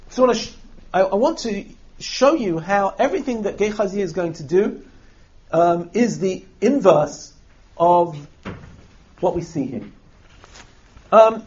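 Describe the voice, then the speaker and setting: A Torah teacher with a high, husky, slightly breathy voice leads a text study lesson. He reads verses aloud and performs the characters' words with lively energy. The recording is dull and lo-fi.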